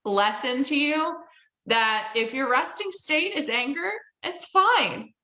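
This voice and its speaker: A woman's voice: high voice, animated, takes it slowly, over a noisy crowd. A woman hosting a podcast interview, talking in a blunt, emphatic way and swearing casually. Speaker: podcast host. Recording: echoey room with faint noise.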